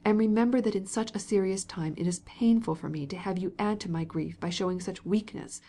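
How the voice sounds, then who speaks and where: A woman's voice: medium pitch, brisk, warm tone, close to an everyday voice. A woman reading an audiobook, voicing a stern, grieving young husband who speaks reproachfully.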